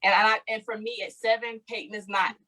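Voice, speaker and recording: A woman's voice: medium pitch, steady tone, fairly quick, pushed and bright, poor audio. A woman, host of a casual conversation, talking earnestly about parenting and searching for words at times.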